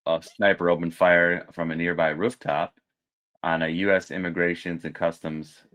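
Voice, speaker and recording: Deep-voiced earnest podcast man. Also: little pitch movement, fairly bright tone. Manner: earnest, thoughtful, with halting restarts. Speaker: podcast co-host. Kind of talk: casual chat.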